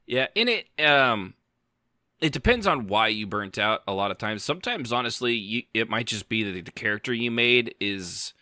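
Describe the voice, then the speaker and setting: A man's voice: lowish voice, animated, normal speed, bright, forceful tone, no room sound, studio quality. A man hosting a casual gaming podcast, rambling with many restarts and fillers. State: hiccups. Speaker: podcast host. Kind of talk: casual chat.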